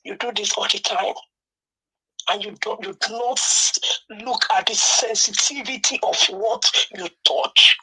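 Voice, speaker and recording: A woman's voice: medium pitch, measured pace, pushed and bright, slightly rough, poor audio. A Nigerian woman phoning in to a live talk show, upset and pleading. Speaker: caller. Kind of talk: angry call-in speech.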